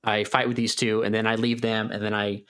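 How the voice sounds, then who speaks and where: A man's voice: lowish voice, little pitch movement, a little fast, fairly bright tone, clear, resonant tone. A man co-hosting a gaming podcast in casual chat, rambling with lots of "like" and acting out his own reactions in a raised voice. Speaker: podcast co-host.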